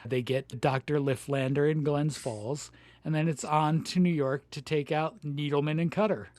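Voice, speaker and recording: Higher-voiced man chatting about a film. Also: steady tone, moderate pace, a little mellow, dry recording. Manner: chatty, shares trivia, repeats short agreements. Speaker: podcast co-host. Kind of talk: casual film discussion.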